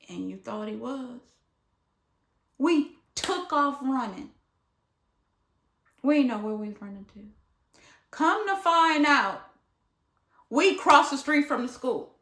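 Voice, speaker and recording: A woman from Michigan with a high, bright voice tells a casual storytime at an unhurried pace. She acts out each person she quotes with animated flair and sometimes drops to a near-whisper. The recording has the echo of a bare room. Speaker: vlogger. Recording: echoey room.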